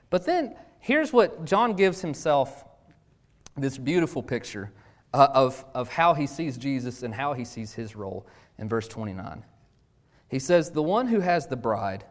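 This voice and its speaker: A man, preaching a sermon with emphatic rhetorical questions and casual asides. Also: medium pitch. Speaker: pastor.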